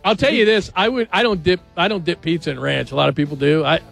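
A male radio host with a somewhat high, gravelly voice talks in a loose, jokey way and keeps tossing questions to his co-hosts. Light guitar music plays faintly under him. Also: fairly even intonation, quick pace, a bit bright. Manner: chatty, jokey, asks the others questions. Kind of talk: casual radio chat.

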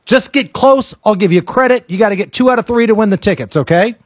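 A man's voice: high-pitched, dry recording, clean studio sound. A man hosting a radio show, joking with his co-host and running a call-in contest in an upbeat, chatty way. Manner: upbeat, joking, quick asides. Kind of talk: lively morning radio banter.

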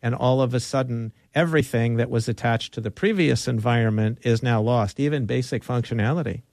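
A man's voice: mid-range voice, brisk, vocal fry, darkish tone, dry recording, clean studio sound. A man hosting a casual health conversation, joking and thinking aloud with restarts. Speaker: host. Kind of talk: casual interview chat.

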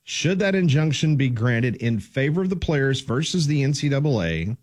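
Give me a man hosting sports talk, emphatic and steady in pitch. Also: normal speed. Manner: emphatic, leads the discussion. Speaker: sports talk show host.

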